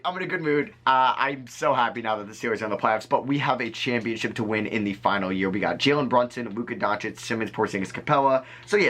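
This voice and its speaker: A man with a lowish voice rattles off casual gameplay commentary at a quick clip. He rambles, thinks out loud and gets excited easily, talking straight to his viewers. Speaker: gaming video creator.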